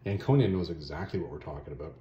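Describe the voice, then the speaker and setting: A man casually retelling a comic story as a reviewer, animated and slangy, with offhand asides. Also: extremely low pitch, fast, reverberant, highs cut off.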